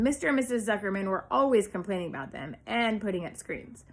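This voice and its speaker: Animated woman reading a children's story. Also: medium pitch, fast talker, low-quality recording. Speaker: storybook reader. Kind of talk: children's read-aloud narration.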